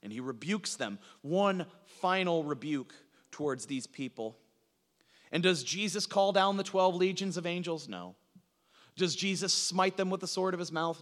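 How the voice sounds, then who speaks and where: A man preaching a sermon as a pastor, swinging from emphatic lines to low, hushed ones. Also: animated, a little slow, long reverb tail.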